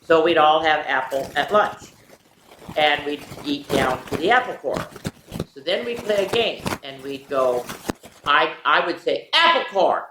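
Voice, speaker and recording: An older woman reads picture books aloud to children, her fairly low voice lively with playful sound effects and friendly asides. The recording is echoey, as if in a bare room, with a faint hiss underneath. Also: a little slow. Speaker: children's story reader.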